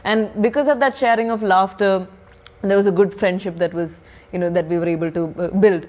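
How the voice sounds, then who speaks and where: A young woman with a Malayali English accent chatting in an interview, bubbly and quick to laugh. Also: medium pitch, darkish tone. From Kerala, India. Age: young adult. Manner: bubbly, laughs often, acts out quoted dialogue. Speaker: film actress, guest. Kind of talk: casual interview chat mixing English and Malayalam.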